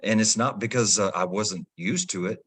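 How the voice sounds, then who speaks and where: Low-voiced man in his forties hosting. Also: normal speed, fairly bright tone, husky. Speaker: podcast host, firefighter. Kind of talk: casual interview talk.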